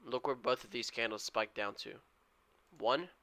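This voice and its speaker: A man's voice: medium pitch, normal speed, sharp tone. A man streaming his day trading live, giving a running play-by-play and urging the price moves on to his viewers. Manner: eager, urges price moves on.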